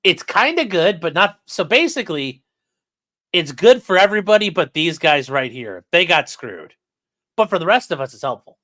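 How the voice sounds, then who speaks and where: A man's voice: a little high, very animated, moderate pace, sharp tone, no room sound. A man casually commenting on court cases for a livestream chat, sarcastic and blunt, with the odd curse. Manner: sarcastic, talks straight to chat, swears. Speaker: streamer discussing court cases.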